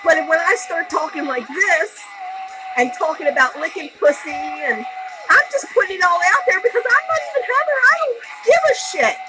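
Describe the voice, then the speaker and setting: A woman's voice: very high-pitched, animated, normal speed, poor audio. A woman telling her personal story in a raw, rambling monologue, blunt and profane. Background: music.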